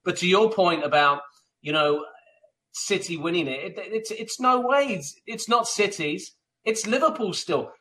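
A man's voice: sits high, measured pace, bright, forceful tone, a little hiss or hum, rough recording. A man co-hosting a radio soccer talk show, rambling and emphatic, with lots of fillers and restarts. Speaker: co-host and soccer pundit. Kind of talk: casual radio sports talk.

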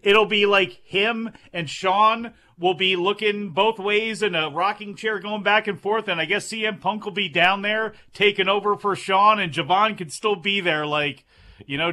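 Bright-voiced joking man. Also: sits high, moderate pace. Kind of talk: casual banter.

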